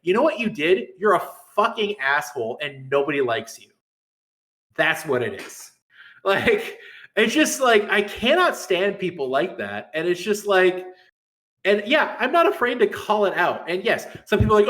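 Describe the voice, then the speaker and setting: A man's voice: sits high, sing-song, moderate pace, fairly bright tone. Heated, profane middle-aged man ranting. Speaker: guest, tournament administrator. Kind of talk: ranting podcast guest.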